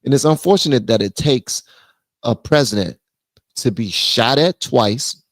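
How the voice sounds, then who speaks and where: A man hosting a casual political live stream, blunt and animated, reading viewer messages aloud. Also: medium pitch, a little slow, no echo. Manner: blunt, animated, reads super chats aloud.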